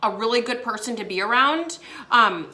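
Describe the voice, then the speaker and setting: A young woman casually telling a story to her viewers, giggling between phrases and filling pauses with "like" and "um". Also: fairly high pitch, expressive, pushed and bright. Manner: giggly, laughs between phrases, many fillers. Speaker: vlogger.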